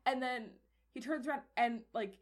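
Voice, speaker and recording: A woman's voice: a little high, moderate pace. A young woman running a tabletop game as game master, narrating in a rambling way full of fillers.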